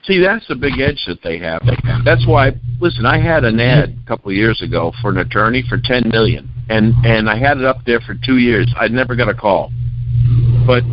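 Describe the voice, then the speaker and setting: A male guest in a casual talk-radio chat, telling animated anecdotes over dull lo-fi audio. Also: medium pitch, background noise.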